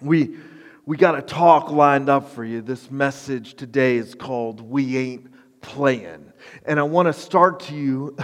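A pastor preaching a conversational, emphatic sermon with self-deprecating humor. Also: male voice, mid-range voice, in a large hall.

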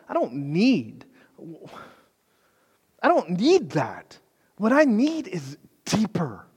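Impassioned preacher in a reverberant hall. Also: male voice, on the high side, breathy edge. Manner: impassioned, builds to loud pleading then drops to near-whisper. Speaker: pastor. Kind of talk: sermon.

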